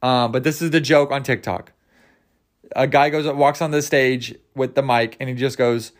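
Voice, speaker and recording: A man's voice: on the high side, fairly quick. Rambling jokey young man. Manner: rambling, jokey, stumbles over words. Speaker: podcast host. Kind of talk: casual solo podcast chat.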